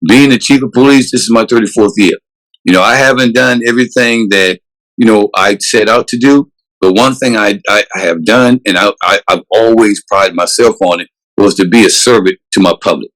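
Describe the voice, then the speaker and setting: A man's voice: on the low side, fairly quick, fairly bright tone, low-quality recording. A man, a police chief answering interview questions earnestly and emphatically, often restarting his sentences. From South Carolina, USA.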